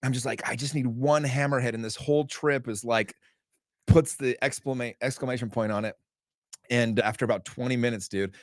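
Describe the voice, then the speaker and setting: A man's voice: mid-range voice, fairly even intonation, fairly quick, dry recording, clean studio sound. A man who is a podcast guest, telling a story in a casual, emphatic way, swearing freely and acting out dialogue. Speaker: podcast guest, author and men's group founder. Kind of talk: animated storytelling in conversation.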